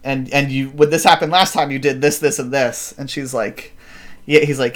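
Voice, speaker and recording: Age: adult. Sex: man. Style: rambling casual recap, middle-pitched. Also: fairly even intonation, a little fast. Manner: rambling, many fillers, acts out quotes. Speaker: podcast host.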